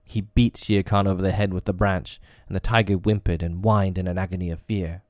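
A man narrating a classic story for his own podcast, measured, a little hesitant when speaking off-script. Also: sits low, fairly even intonation, darkish tone, no echo, clean studio sound.

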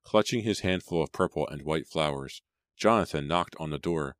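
Very deep-voiced male audiobook narrator. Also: moderate pace, no room sound, studio quality.

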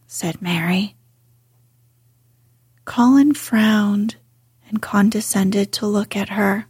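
A woman narrating a classic children's story in a soft, breathy whisper, slow and measured. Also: medium pitch, dry recording, studio quality. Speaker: audiobook narrator.

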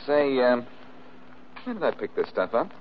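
An actor playing a cool, wisecracking detective in 1940s radio acting style. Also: male voice, medium pitch, very animated, moderate pace, lightly acted. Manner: dry, teasing wisecracks. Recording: dull old radio broadcast with faint hiss.

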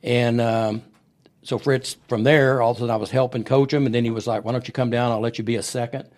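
A man's voice: mid-range voice, fast. A middle-aged man, a podcast guest telling wrestling stories and acting out the voices of the people in them. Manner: animated storyteller who acts out quoted voices. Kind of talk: storytelling interview. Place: podcast studio.

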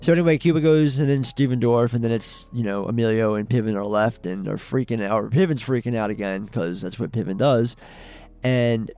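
Gravelly man casually recapping a movie. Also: mid-range voice, mellow, faint music behind. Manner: rambling, profane retelling with many restarts; acts out characters' lines in quick quoted bursts. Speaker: podcast co-host.

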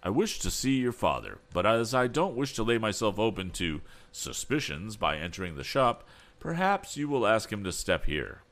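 A man's voice: fairly low pitch, very animated, normal speed, a bit bright, pitched above the performer's own voice. A man reading an audiobook, voicing a polite, persuasive male business agent. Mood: coaxing. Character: smooth persuasive middle-aged male agent.

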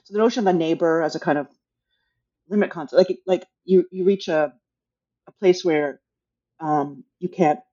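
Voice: medium pitch, moderate pace, long pauses, warm tone, dull audio. An author talking casually about their book, hesitant and thinking aloud, with many restarts. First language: English.

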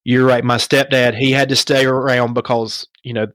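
A man recounting a personal story as a podcast guest, with lively rhetorical asides and self-questioning. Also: mid-range voice, normal speed, no echo.

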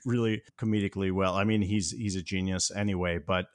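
Male podcast co-host, low pitch, casual and agreeable. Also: fairly even intonation, fairly quick, clear, resonant tone. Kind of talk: casual movie chat.

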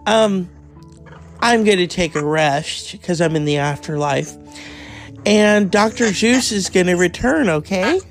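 A man's voice: high voice, expressive, unhurried. A man doing a crude, blunt impression of a brash, foul-mouthed dead actress, with faint music behind. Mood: mocking.

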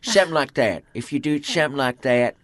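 A man's voice: mid-range voice, expressive, fast talker, fairly bright tone. A man from Oklahoma chatting casually, rambling and trailing off with lots of fillers. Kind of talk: casual chat.

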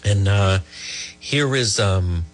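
A man's voice: lowish voice, slow, heavy background noise. A man hosting a radio talk show, giving emphatic, conversational opinions with frequent fillers and restarts.

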